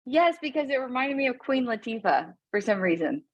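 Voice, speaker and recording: A woman's voice: a little high, sing-song, brisk, muffled recording. A woman co-hosting a podcast, chatty and teasing, with lots of fillers. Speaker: podcast co-host. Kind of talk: casual chat. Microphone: phone.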